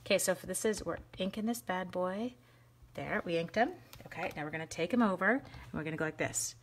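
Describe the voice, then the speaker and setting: A woman's voice: lowish voice, fast talker, slight background noise. A woman demonstrating card stamping live, talking each step through in a chatty, bubbly way and addressing viewers by name. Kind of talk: casual live crafting demo.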